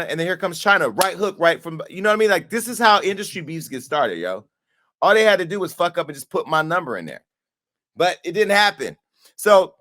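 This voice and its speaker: A man's voice: fairly high pitch, a little fast, fairly bright tone. A man hosting an entertainment news show, giving casual commentary and acting out profane imagined dialogue. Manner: acts out profane imagined dialogue in storytelling bursts.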